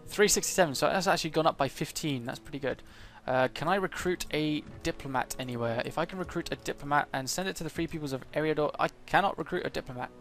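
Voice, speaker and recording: A man's voice: on the high side, quick pace, hardly any pauses, fairly bright tone, faint music behind. A man commenting on his own strategy game as he plays, thinking aloud with frequent hesitations and fillers. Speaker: let's play gamer.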